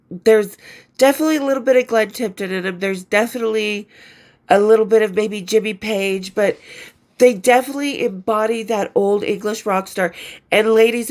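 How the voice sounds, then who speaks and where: A chatty woman hosts her podcast with a somewhat high voice, rambling through her thoughts with real enthusiasm. She drops the odd swear word and sounds a bit stuffy from allergies. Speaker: podcast host. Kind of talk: casual film review chat.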